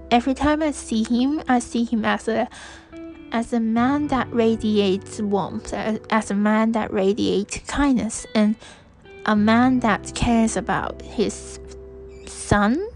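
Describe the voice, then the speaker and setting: A young woman speaks slowly in a fairly high voice, hesitating and restarting often as she reflects aloud on a solo podcast. Soft music plays faintly behind her. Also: low-quality recording. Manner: slow, hesitant, with many restarts and fillers. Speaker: podcast host. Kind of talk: personal reflective monologue.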